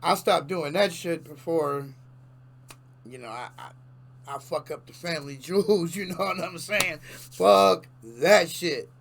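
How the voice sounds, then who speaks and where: A man's voice: a little high, a little slow, noisy background. A man hosting a reaction video, talking casually and in disbelief, swearing freely and talking straight to his viewers. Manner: incredulous, swearing, addresses viewers directly.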